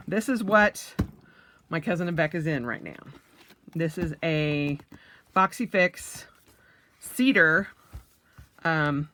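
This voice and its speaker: A woman's voice: deep voice, a bit bright. A woman vlogger chatting casually and enthusiastically through an unboxing, with plenty of fillers.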